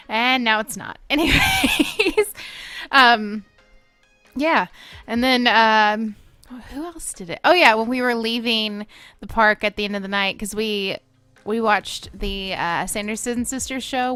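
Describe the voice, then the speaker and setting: Bright, giggly young woman chatting. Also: medium pitch. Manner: rambling, chatty, giggly, apologetic. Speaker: game building vlogger. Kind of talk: casual chat over gameplay.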